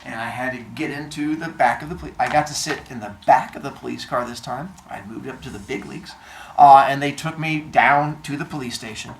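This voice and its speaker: A man telling a personal story in a casual way, acting out the other people's lines in an animated manner. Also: medium pitch, a little fast, gravelly. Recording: roomy echo, faint noise.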